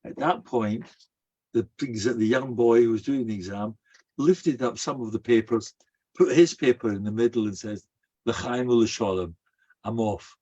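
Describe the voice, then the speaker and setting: Husky-voiced rabbi giving a folksy sermon. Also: male voice, medium pitch, normal speed, mellow. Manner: folksy storyteller weaving in Hebrew and Yiddish terms. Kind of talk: sermon with storytelling. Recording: dull, muffled lo-fi recording.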